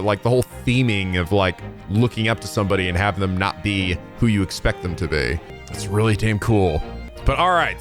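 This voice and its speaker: A young man hosting a game playthrough, chatting casually in a rambling, energetic way, swearing now and then. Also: medium pitch. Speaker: let's play host. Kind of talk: casual gameplay commentary.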